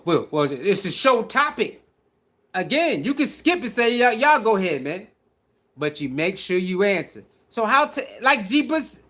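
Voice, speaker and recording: A man's voice: high-pitched, a bit bright. A man hosting casual sports reaction commentary, talking in slang, repeating himself and calling out to his viewers. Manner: slangy, repetitive, calls out to viewers.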